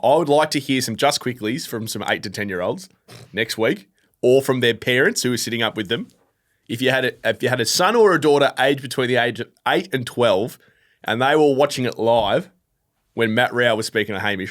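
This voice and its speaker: A man with an Australian accent co-hosting a sports podcast in casual chat, opinionated and quick to laugh. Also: medium pitch, lively intonation, fairly bright tone. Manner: opinionated, laughs easily, restarts often. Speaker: podcast co-host.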